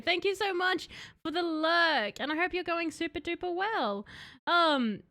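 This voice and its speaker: A woman casually commenting while she live-streams a video game, chatting to the boss she fights and bursting into excited yells. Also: very high-pitched, measured pace, no echo. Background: game music.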